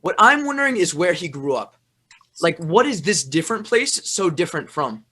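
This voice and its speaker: A man's voice: fairly high pitch, sing-song, moderate pace, sharp tone, husky, heavily acted. A man playing a vain, defensive actor in a stage play, rambling about his character and boasting about his accents. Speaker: actor in a rehearsal scene.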